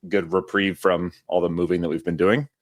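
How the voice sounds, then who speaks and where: Man, podcast co-host, low voice, dry close sound, playful, rambling. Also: level tone, brisk, dry recording. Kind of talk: casual chat.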